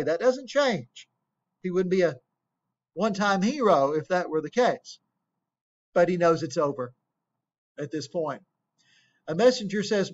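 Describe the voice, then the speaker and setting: High-voiced man explaining a play. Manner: plain, explanatory, asks rhetorical questions. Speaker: teacher. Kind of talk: explaining a play and reading quotes aloud. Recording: dull lo-fi recording.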